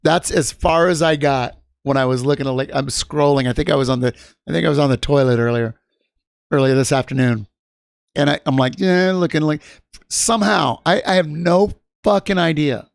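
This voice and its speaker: A man's voice: fairly high pitch, fairly even intonation, normal speed, gravelly, no room sound, studio quality. A man hosting a stream, giving casual commentary in a rambling, profane, hesitant way. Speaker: streamer host.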